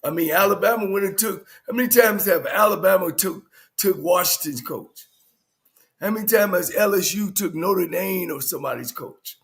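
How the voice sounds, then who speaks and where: A man's voice: sits high, moderate pace, gravelly. A man who is a coach co-hosting a casual sports talk show, loose and joking as he talks. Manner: laughs often, loose and joking. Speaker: co-host, coach.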